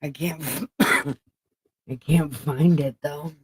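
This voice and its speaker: A woman in her forties hosting a livestream in casual, joking chat, swearing freely and laughing often, with a flat, robotic-sounding voice. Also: deep voice, takes it slowly, breathy edge, no room sound, low-quality recording. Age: 40s. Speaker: livestream host.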